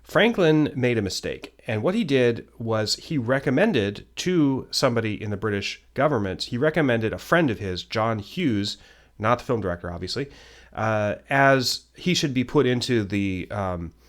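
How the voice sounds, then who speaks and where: Lower-pitched man giving a casual history lecture. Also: lively intonation, normal speed. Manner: conversational, many ums and uhs, self-deprecating asides. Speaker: history teacher.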